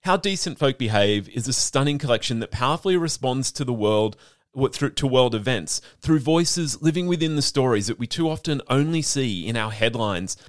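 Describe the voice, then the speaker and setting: A man's voice: mid-range voice, lively intonation, moderate pace, no echo, studio quality. A man hosting a radio interview, effusive and openly emotional as he reads a scripted intro and then chats. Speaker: podcast host.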